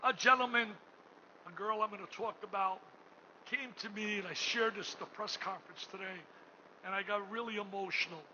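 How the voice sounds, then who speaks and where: An older man with a high voice gives an emotional fundraising speech at a gala. He swings between booming, near-shouted lines and hushed ones. The recording is muffled, with steady room noise behind him. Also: brisk. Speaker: gala host. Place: hotel ballroom.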